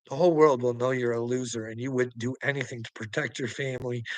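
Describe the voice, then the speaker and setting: A man's voice: mid-range voice, bright, forceful tone, no echo, low-quality recording. A man ranting to the camera, taunting and swearing, with mocking laughs breaking in. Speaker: vlogger. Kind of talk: angry rambling rant to the camera.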